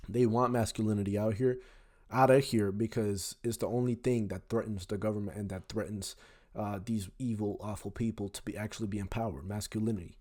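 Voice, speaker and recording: A man's voice: fairly low pitch, fairly even intonation, brisk, warm tone. A young man hosting a reaction video, talking in a casual, emphatic, slangy way. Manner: emphatic, slangy, keeps saying "bro".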